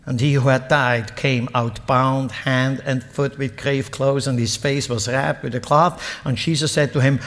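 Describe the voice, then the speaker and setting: A man preaching a sermon, reading scripture aloud and explaining it, rising to loud emphatic peaks and dropping to low asides. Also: fairly even intonation, measured pace, in a large hall.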